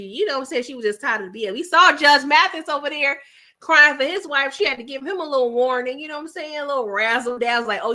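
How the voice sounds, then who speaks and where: Bright-voiced chatty woman livestreaming. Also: a little high. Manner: chatty, animated, uses "child" and "y'all". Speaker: livestream host. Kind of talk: casual chat with live viewers.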